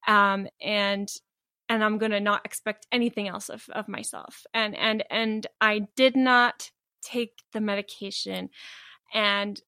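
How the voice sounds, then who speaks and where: A woman's voice: mid-range voice, fairly even intonation, unhurried, pushed and bright, clear, resonant tone, no echo, clean studio sound. Candid woman in casual conversation. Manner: candid, laughs often, many restarts.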